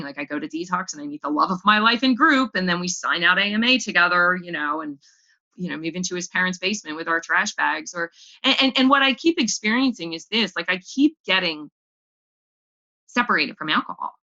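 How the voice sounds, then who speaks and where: A woman's voice: deep voice, bright, forceful tone. A young adult woman speaking at a recovery meeting, sharing her story in a candid, raw way and repeating words when she gets emotional. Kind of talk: personal recovery testimony. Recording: dull lo-fi recording.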